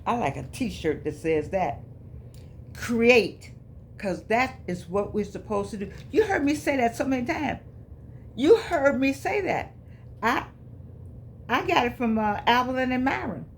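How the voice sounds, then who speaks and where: Woman, middle-aged, casual to-camera talk, repeats herself, slow emphatic punches. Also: on the high side, lively intonation, gravelly, slight background noise. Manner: preachy, repeats herself, wanders off mid-thought; sudden emphatic stretched-out words. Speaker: online motivational speaker.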